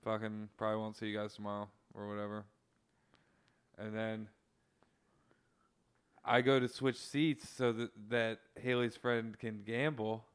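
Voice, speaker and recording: A young man in casual chat, animated, swearing freely and acting out quotes. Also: lowish voice, unhurried, long pauses, clean tone.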